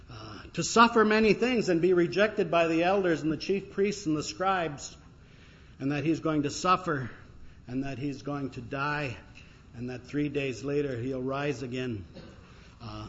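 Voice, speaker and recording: A man's voice: fairly high pitch, a bit bright, slight background noise. Folksy man preaching a sermon, dull sound. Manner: folksy, joking, with many fillers. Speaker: pastor.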